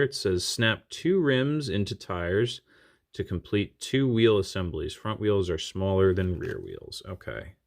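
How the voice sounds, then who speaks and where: A man casually talking through an unboxing, chatty and self-deprecating, thinking aloud with lots of fillers as he handles small parts at a desk. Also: low-pitched. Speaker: diecast collector channel host.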